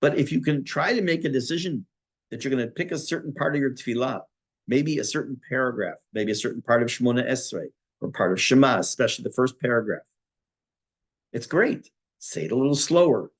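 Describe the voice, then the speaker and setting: A man teaches as a rabbi in a relaxed, conversational class. He reads short Hebrew lines and then explains them in plain everyday English. His voice sits at an ordinary middle pitch. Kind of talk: spoken Torah class on prayer.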